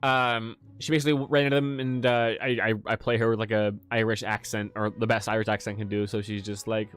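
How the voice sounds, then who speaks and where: A man hosting a relaxed livestream, chatting casually as a game master about his campaign, with a self-deprecating, joking manner. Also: fairly low pitch, brisk, few pauses, clear, resonant tone, soft background music. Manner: relaxed and chatty, laughs at himself. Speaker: game master and channel host.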